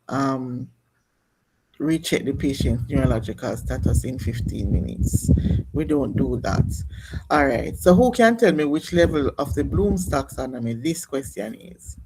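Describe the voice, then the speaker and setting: In a noisy classroom, a woman with a bass voice teaches nursing students about exam questions, breaking explanations into steps, restarting herself, and calling on students.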